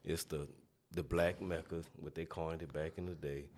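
A man's voice: very deep voice, steady tone, moderate pace, darkish tone, slight background noise. A man with a New Orleans accent, a podcast guest telling stories in a laid-back way and laughing often. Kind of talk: casual storytelling.

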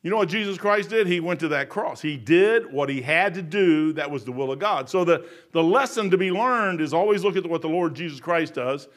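A man's voice: a little high, expressive, brisk, hardly any pauses, a bit bright. A man in his sixties preaching a sermon in an emphatic, folksy, repetitive way. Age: 60s. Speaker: pastor.

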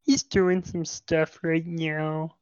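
A woman's voice: low-pitched, level tone, slow pace, darkish tone, clean tone, dry recording, muffled recording. A woman co-hosting a podcast in a laid-back, wry casual chat. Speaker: podcast host.

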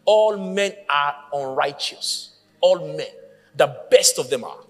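A man preaching a sermon, telling a story with lively acted-out voices and shouting at the peaks. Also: on the high side, takes it slowly, in a large hall. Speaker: pastor.

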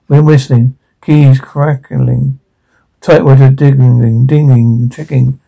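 A man reading a drama script aloud in a flat, halting way, speaking the sound cues as well as the lines. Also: mid-range voice, gravelly, rough recording. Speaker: reader.

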